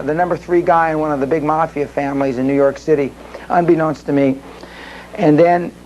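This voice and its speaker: A man addresses a seminar crowd in a fairly high voice, spinning long, rambling anecdotes. He slips into the voices of the people in his stories as he goes. A faint hum of the room sits underneath. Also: darkish tone, muffled recording. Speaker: seminar speaker. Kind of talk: live seminar storytelling.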